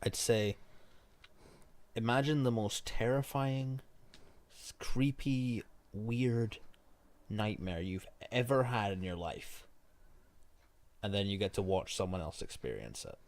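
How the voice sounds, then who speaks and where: A man co-hosting a podcast, chatting casually about films, relaxed and blunt with his opinions. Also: on the low side, slow, pauses often. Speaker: podcast co-host. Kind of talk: casual film chat.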